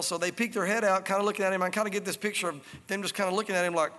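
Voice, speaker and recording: A male pastor preaching a sermon, telling the story in an animated way and acting out scenes. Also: high-pitched, rapid-fire, few pauses. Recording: reverberant hall.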